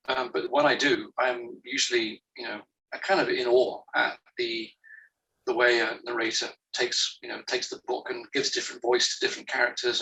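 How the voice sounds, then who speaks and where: A man's voice: mid-range voice, sharp tone. A man interviewed as a guest author over a remote call, speaking hesitantly with many restarts and fillers. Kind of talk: conversational interview. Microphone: remote call from home. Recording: distant internet call audio.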